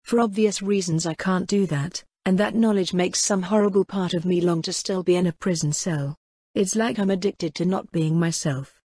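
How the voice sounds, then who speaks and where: A woman narrating a first-person fantasy audiobook with a husky, breathy edge to her voice. Her delivery is steady and wry, recorded close and dry with no room echo. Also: lowish voice, moderate pace.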